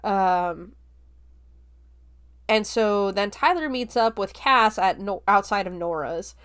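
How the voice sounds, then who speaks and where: A woman's voice: medium pitch, slow. A young woman podcast host casually recapping and reviewing a film, chatty and full of filler words, swearing now and then. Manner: chatty, heavy use of "like", relaxed swearing.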